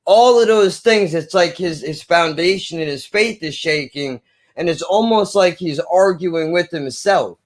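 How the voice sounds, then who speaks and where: A man talks through a film in casual conversation with a friend. He is earnest and impassioned, and he swears to drive his points home. His voice sits somewhat high for a man. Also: measured pace. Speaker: film review co-host.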